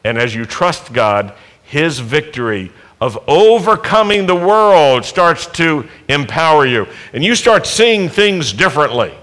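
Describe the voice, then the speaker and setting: Slow, bright-voiced male preacher. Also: on the high side, expressive. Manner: emphatic, building to loud exhortations; asks the congregation rhetorical questions. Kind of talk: sermon. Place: worship service.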